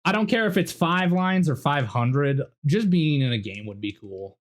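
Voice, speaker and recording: Animated Canadian man streaming a game. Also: a little high, normal speed. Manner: excitable, animated. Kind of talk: casual gameplay commentary.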